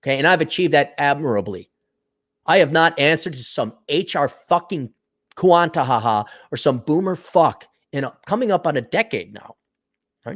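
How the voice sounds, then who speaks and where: Solo podcast host, middle-aged male, freshly awake; sardonic, profane rant with an animated, rather high-pitched voice. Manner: blunt, profane, sardonic, laughs at own jokes. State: just woken up. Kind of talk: casual solo podcast rant, reading listener donations.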